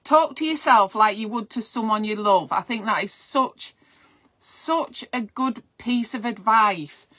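Chatty woman, higher voice. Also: measured pace. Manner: chatty, rambling, warmly encouraging. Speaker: midwife livestream host. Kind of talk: casual live-stream chat.

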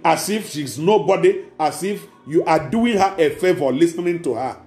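A man's voice: a little high, animated, moderate pace, darkish tone. A man preaching a sermon as pastor, emphatic and repeating key words. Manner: emphatic preaching with acted quotes. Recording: echoey room with faint music.

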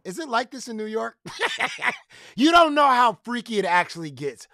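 Stream reactor, lively and bright, crude laughing commentary, dry close sound. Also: mid-range voice, moderate pace, dry recording.

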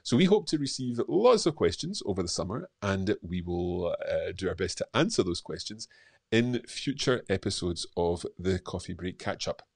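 A middle-aged man with a low voice hosts a live stream and chats easily through viewers' comments. He talks in a relaxed way, with plenty of uh and um. The sound is close and dry, with no room around it. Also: moderate pace, husky, dry recording. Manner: relaxed, chatty, with frequent fillers. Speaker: host.

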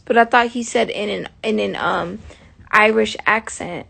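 A woman's voice: on the high side, lively intonation, unhurried, creaky, a bit bright, breathy edge. A woman chatting loosely on a phone live stream, rambling and swearing freely. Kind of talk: casual live stream chat.

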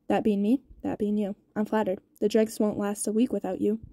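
A woman voicing a cold, calculating young male gang leader in a storybook reading, calm, dry and taunting. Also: medium pitch, brisk, no echo, natural voice. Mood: cool.

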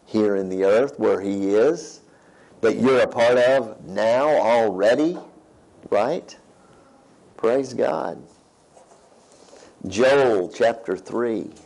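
A man's voice: on the low side, drawn-out words, vocal fry, long pauses, darkish tone, rough recording. A man preaching a sermon, reading scripture aloud and checking in with his listeners in a conversational way. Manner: conversational, reads scripture aloud and asks "right?". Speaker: pastor.

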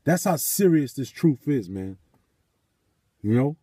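Husky, dark-voiced man preaching emphatically. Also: medium pitch, big pitch swings, slow pace, no echo. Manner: emphatic, profane, repeats phrases. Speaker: vlogger. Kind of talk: casual storytelling and preaching.

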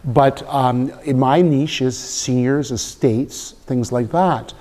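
An older man speaking as guest at a live event, telling blunt, animated anecdotes and acting out dialogue. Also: mid-range voice, slow pace. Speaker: guest speaker, veteran realtor. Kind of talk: storytelling talk before a live audience. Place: event room. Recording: long hall reverb.

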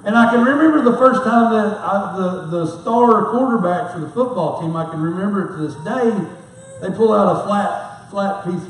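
Folksy high-voiced middle-aged pastor in echoey hall. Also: male voice, moderate pace. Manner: folksy, rambling, self-mocking humor. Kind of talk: storytelling sermon. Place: church sanctuary. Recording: very echoey hall, mic far off.

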